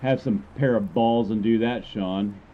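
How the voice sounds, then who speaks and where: A man's voice: fairly low pitch, steady tone, a little slow, lo-fi sound. A man ranting about a game update, rambling and stammering in frustration. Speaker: gamer commentator. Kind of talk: ranting commentary.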